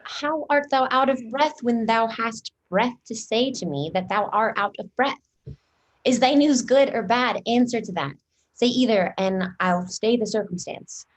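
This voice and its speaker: A woman's voice: on the high side, a little slow, hardly any pauses. A woman reading the part of an eager young girl in love in a table read of a play, pleading and impatient.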